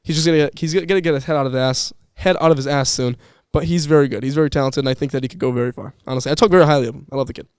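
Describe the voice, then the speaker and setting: A man's voice: medium pitch, fairly even intonation, racing, hardly any pauses, darkish tone, clear, resonant tone, no echo, clean studio sound. A young man chatting casually on a podcast, telling rambling stories with restarts and laughs. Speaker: podcast guest, former employee. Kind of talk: casual chat.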